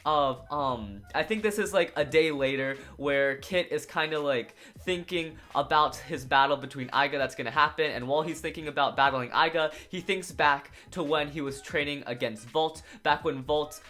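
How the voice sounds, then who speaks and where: Guy rambling through an anime recap, bit higher voice, lots of likes and ums. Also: normal speed, few pauses, pushed and bright. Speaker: anime reviewer. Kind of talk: casual recap and commentary.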